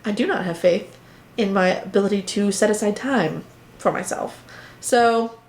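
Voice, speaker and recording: Her mid-range voice is a little mellow and moves at a moderate pace. As host of a knitting and spinning podcast, she casually and playfully walks viewers through her projects, show-and-tell style.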